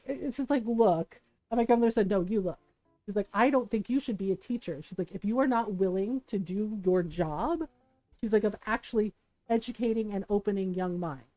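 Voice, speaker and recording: A woman's voice: fairly high pitch, a little fast, dark tone, faint music behind. A woman streamer telling a long personal story in a casual way, laughing often and acting out the people she quotes. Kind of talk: casual storytelling while gaming.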